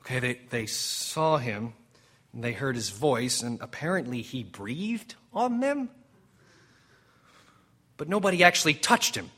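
A man preaching a sermon as pastor, animated and emphatic, slipping into dramatic quoted lines with pauses and now and then drifting off the mic. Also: mid-range voice. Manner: jokes with the congregation.

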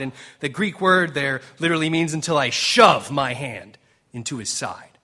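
A pastor with a slightly high voice preaches an animated, emphatic sermon, joking with the congregation. He slips into dramatic quoted lines with pauses and sometimes drifts away from the mic.

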